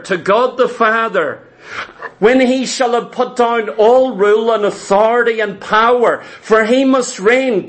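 A man's voice: very high voice, a bit bright. A man preaching a sermon, with a fervent, repetitive cadence and many rhetorical questions to his congregation.

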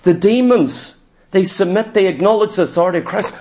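A man's voice: high voice, brisk, darkish tone. A man preaching a sermon emphatically, acting out the voices he quotes. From Ireland. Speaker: pastor.

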